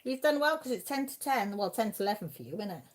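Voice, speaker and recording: A woman with an English accent hosting a casual live chat from home, rambling and quick to laugh. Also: mid-range voice, big pitch swings. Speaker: craft channel host.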